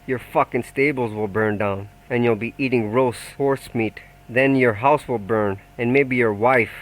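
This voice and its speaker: For an audiobook, a man voices a menacing debt collector for a crime gang, delivering threats in a mock-friendly, taunting way. His natural, medium-pitched voice is a little slow, and the audio quality is poor.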